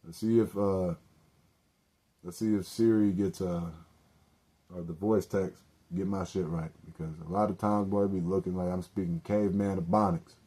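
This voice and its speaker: A man's voice: sits low, fairly even intonation, moderate pace, mellow. A young man hosting a solo podcast, telling loose, profane stories with joking asides and self-corrections. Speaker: podcast host. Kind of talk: casual solo storytelling.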